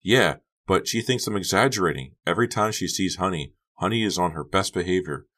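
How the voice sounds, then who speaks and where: A man voicing a high-strung, upset teenage girl who talks shrilly and anxiously in an audiobook. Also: lively intonation, a little fast, fairly bright tone. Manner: shrill and agitated. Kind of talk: audiobook character voice.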